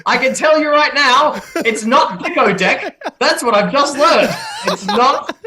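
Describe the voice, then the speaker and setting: A man's voice: very high-pitched, measured pace, bright, forceful tone. A man, a guest on a live interview stream, talking in an exuberant, theatrical way and sometimes calling himself by name in the third person. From Australia. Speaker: guest, pro wrestler and metal singer. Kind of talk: livestream interview chat.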